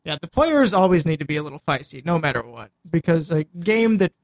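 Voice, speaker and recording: A man's voice: a little high, sing-song, a little fast, gravelly. A man co-hosting a gaming podcast, throwing in wry quips. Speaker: podcast co-host. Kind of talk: casual chat.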